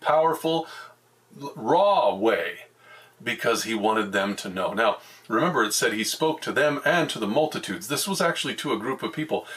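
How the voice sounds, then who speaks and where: A man's voice: mid-range voice, fairly bright tone, far from the mic. A middle-aged man, a pastor, teaching from the Bible in a plain-spoken, conversational way with frequent restarts.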